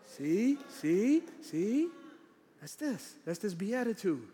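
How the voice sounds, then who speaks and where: A man preaching a sermon as pastor, animated, swinging from loud preaching to low asides. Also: slow. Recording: long hall reverb.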